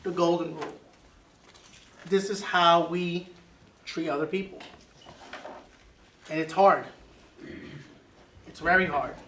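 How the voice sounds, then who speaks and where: High-voiced man teaching a Bible class. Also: fairly even intonation, takes it slowly, long pauses, a bit bright, roomy sound, recorded from a distance, a little hiss or hum, low-quality recording. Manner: emphatic, repeats key words.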